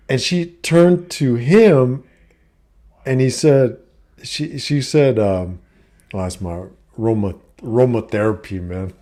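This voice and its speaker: In a warm, expressive, medium-pitched voice, a middle-aged vlogger shares a personal story at an unhurried pace. Giving life advice, he's blunt, swears, and fills his speech with fillers.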